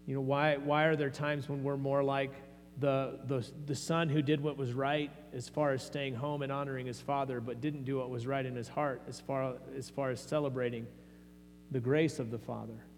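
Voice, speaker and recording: A man's voice: medium pitch, flat delivery, normal speed. A man preaching a sermon as pastor, earnest and conversational, often restarting his phrases. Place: church sanctuary. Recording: long hall reverb, faint mains hum.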